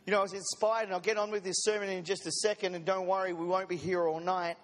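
A man's voice: sits high, flat delivery, quick pace, big-room sound. A man preaching a sermon to a congregation, in a conversational manner with joking asides. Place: church service.

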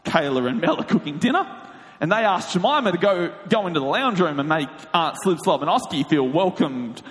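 An Australian man telling a comic story in an animated way with laughing asides. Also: a little high, brisk. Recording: long hall reverb.

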